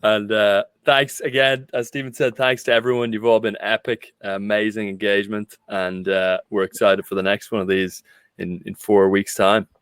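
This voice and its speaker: A man's voice: on the low side, little pitch movement, normal speed, fairly bright tone, clear, resonant tone, no echo. A man co-hosting an online panel, upbeat and thankful in casual chat. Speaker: co-host.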